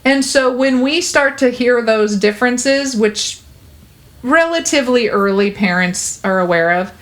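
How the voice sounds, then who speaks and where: A woman's voice: a little high, a little slow. A woman hosting a podcast, explaining child development in a chatty, earnest and reassuring way, filling her talk with "like" and "you know.". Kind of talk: casual podcast conversation.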